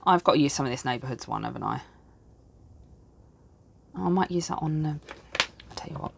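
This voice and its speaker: A woman's voice: very deep voice, animated, fairly quick, gravelly, very noisy. A tired woman in her thirties, chatting and rambling while she sets up her planner at home. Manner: rambling, chatty, self-deprecating. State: tired and yawning. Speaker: planner vlogger. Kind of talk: casual chat while crafting.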